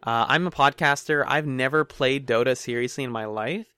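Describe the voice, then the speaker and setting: A man's voice: medium pitch, moderate pace, sharp tone, smooth, no echo, studio quality. A man hosting a podcast segment, telling self-deprecating stories in casual chat. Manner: self-deprecating, storytelling, laughs easily.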